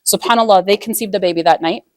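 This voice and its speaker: A woman's voice: medium pitch, fast, a little mellow, dry recording. Woman, mid-range voice, chatty casual lesson on marriage with lots of "like" and acted-out quotes, close dry recording. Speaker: Islamic marriage teacher.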